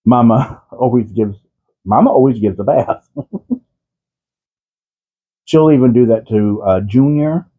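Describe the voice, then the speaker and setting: A man's voice: mid-range voice, measured pace, long pauses, slightly rough. Man cooing to his cats, tinny audio. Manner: doting baby talk to his cats, laughing. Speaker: crafting channel host. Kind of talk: casual chat to pets and viewers. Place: home.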